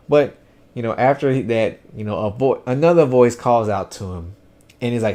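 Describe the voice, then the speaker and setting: A man's voice: fairly low pitch, moderate pace. A man giving a casual first-impressions anime review, loose and rambling with lots of fillers and restarts. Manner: chatty, animated.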